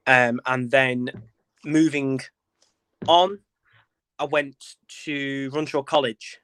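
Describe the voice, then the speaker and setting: A man's voice: medium pitch, steady tone, slow, fairly bright tone, smooth, no room sound. A young man from Lancashire, chatting as a podcast guest about his path into theatre, playful with camp asides and lots of fillers. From Lancashire, England. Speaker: guest, actor and theatre director. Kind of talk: casual podcast chat.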